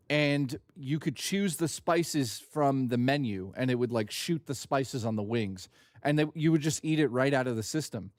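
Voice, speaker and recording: A man hosting a live reaction stream, joking loudly, swearing and rambling crudely at a desk mic. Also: mid-range voice, dry recording, clean studio sound.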